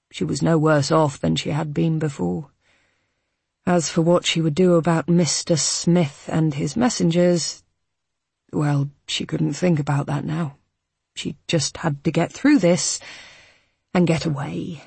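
A woman narrating a novel in a steady, even storytelling manner. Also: sits low, creaky, breathy edge, no room sound. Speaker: audiobook narrator.

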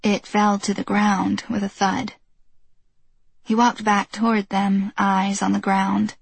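A woman reading a novel aloud in even, measured audiobook narration. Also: mid-range voice, vocal fry, husky, no room sound.

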